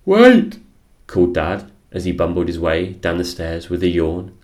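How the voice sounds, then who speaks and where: A man reading a children's picture book aloud, unhurried and expressive. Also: low voice. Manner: unhurried, expressive, sing-song storytelling. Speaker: storyteller.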